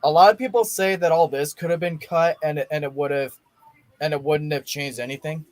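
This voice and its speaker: A man's voice: fairly high pitch, fairly even intonation, a little fast, no room sound. A young man hosting a casual movie watch-along, rambling enthusiastically with frequent restarts. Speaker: podcast host.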